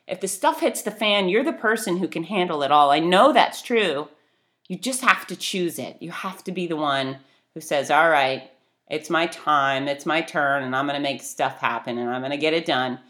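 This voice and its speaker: A woman's voice: low-pitched, normal speed, a bit bright. A middle-aged woman giving an emphatic, blunt motivational talk that urges listeners to act. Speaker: motivational speaker.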